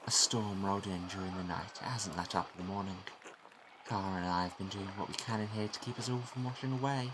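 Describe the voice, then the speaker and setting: A man reading the lines of a steadfast, devout middle-aged farm wife in a game, in a calm, plain way. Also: low-pitched, fast, noisy background, close to an everyday voice. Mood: steady.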